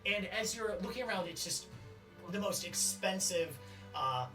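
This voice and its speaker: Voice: mid-range voice, lively intonation, unhurried. A game master narrating a tabletop game scene, rambling with many fillers and restarts. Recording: distant mic with faint music.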